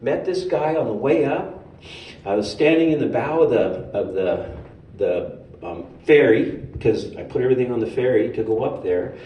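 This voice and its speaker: A man giving a sermon in a storytelling way, animated and humorous. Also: medium pitch, moderate pace. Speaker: speaker at a spiritual center. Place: hall of a spiritual center. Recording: roomy hall, distant mic, faint noise.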